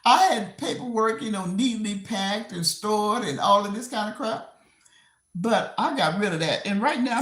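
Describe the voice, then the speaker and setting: A woman hosting a casual livestream from home while she clears her desk. She rambles and repeats herself, laughing often. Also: mid-range voice, slight background noise. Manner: rambling and repetitive, with frequent laughs. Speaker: livestream host. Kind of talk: casual live-stream chat. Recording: roomy echo.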